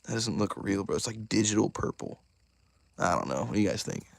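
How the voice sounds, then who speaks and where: A young man hosting a casual live stream, excitable and chatty, talking straight to his chat. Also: on the low side, brisk, vocal fry. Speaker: YouTuber host of a live stream.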